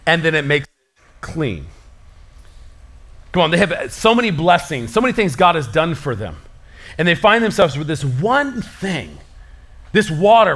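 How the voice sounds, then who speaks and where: A male pastor preaches a sermon in a lively, conversational style packed with casual slang. His voice is slightly high for a man, and he moves at a moderate pace.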